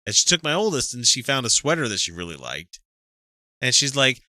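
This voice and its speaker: A man co-hosting a podcast, with a very bright, sharp voice that chats loosely, swears freely and breaks into laughter. The sound is dry, close and uncoloured by the room. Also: medium pitch, very animated, brisk, no room sound. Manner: laughs often, profane, rambling. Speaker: podcast co-host. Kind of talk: casual chat.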